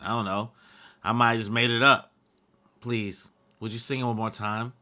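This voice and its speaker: A man's voice: mid-range voice, steady tone, normal speed, bright, forceful tone. A man reading a manga aloud live and reacting with slangy asides, as the regular host of his channel.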